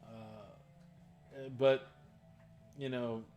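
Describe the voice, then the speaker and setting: Brief: easygoing tabletop game master with a faded West Virginia accent, chatty and meandering, full of fillers, mid-range voice, light music behind. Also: male voice, mid-range voice, flat delivery, very slow, mellow. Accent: faded Southern West Virginia. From Southern West Virginia. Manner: rambling, many fillers and restarts, easygoing. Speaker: dungeon master. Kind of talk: casual Q&A talk.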